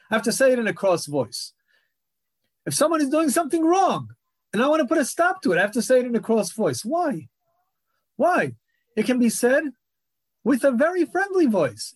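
Earnest high-voiced man teaching Torah. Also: no room sound. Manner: earnest, repeats phrases for emphasis. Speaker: rabbi teaching a class. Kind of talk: Torah lecture.

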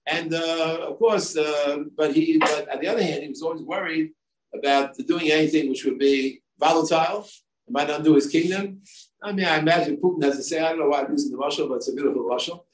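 A man's voice: on the high side, a little fast. Older man, rabbi, discursive lecture, echoey room, faint background hum. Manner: discursive, many fillers and asides. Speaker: rabbi and yeshiva head. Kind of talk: Torah lecture. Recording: echoey room, distant mic, faint ambience.

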